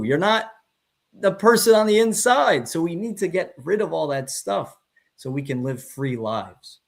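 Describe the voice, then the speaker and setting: A man, a chiropractor, giving a motivational talk to fellow chiropractors and stressing his points by repeating phrases. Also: mid-range voice.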